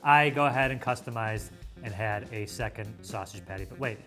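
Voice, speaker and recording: A man from the US hosting a casual food review, playful and excitable, with mock-dramatic asides. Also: mid-range voice, brisk, hardly any pauses, music in the background. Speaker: food show host.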